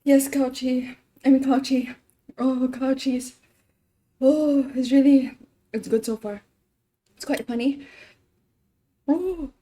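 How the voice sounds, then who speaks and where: Woman streamer, slow and mellow, casual live-stream chat, groaning through a spicy eating challenge. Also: high voice, steady tone. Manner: chatty, groaning and laughing while eating spicy food. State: sniffling from spicy food.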